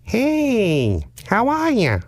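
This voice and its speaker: A man putting on a high falsetto voice as an odd, eager male prank caller. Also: huge pitch swings, extremely slow, no room sound, clean studio sound, exaggerated voice.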